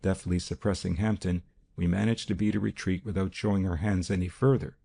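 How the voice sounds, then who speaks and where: A man narrating a detective audiobook in a steady, even reading style. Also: low-pitched, fairly quick, gravelly, husky. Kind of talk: scripted narration.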